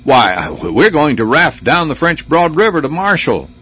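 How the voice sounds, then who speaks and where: A man doing a calm drawling old doctor. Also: fairly high pitch, unhurried, husky, pitched above the performer's own voice, exaggerated voice. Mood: calm insistent. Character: calm, stubborn older male country doctor. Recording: dull lo-fi radio recording.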